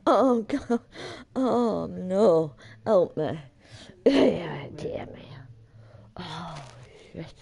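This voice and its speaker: A woman's voice: medium pitch, big pitch swings, extremely slow, vocal fry, mellow, husky. A woman chatting casually while streaming a game, giggling often, swearing and teasing. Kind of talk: casual chat while gaming.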